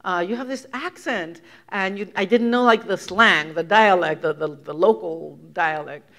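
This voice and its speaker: A woman's voice: fairly low pitch, moderate pace, a bit bright. An older woman from Puerto Rico giving a conversational lecture as a guest author, reflective, laughing often and restarting her sentences.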